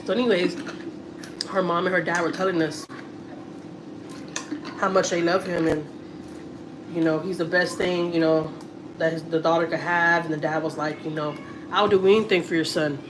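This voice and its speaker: A woman's voice: on the low side, fairly even intonation, normal speed, pauses often, background noise. A middle-aged woman with a Texas accent chatting casually to viewers on a family livestream, repeating words and using many fillers.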